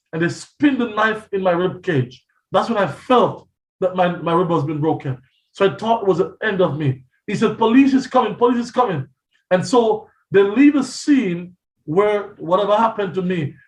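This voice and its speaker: A man preaching a testimony sermon as a pastor, telling his story dramatically and acting out the voices he quotes. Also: sits high. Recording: echoey, from a distance.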